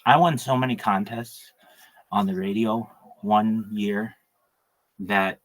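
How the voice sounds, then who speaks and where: A man's voice: on the low side, fairly even intonation, takes it slowly. A man talking on a livestream in a rambling, joking, crude monologue full of asides.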